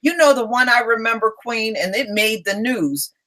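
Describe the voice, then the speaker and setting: A chatty woman hosting a live stream, her voice sitting a little high. She tells stories in casual chat, lifting her pitch even higher to act out quotes, and fills the gaps with quick 'mm-hmm's. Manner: quick affirming backchannel.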